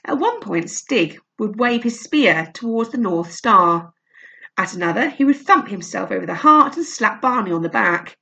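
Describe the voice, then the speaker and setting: A woman's voice: medium pitch, moderate pace, gravelly. Woman reading a children's story aloud. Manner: lively, expressive reading.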